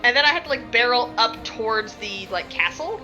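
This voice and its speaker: A woman's voice: on the high side, animated, a little fast, pushed and bright, highs cut off, faint music behind. A woman who plays in a tabletop game, recapping a session casually, rambling and laughing, with lots of filler words.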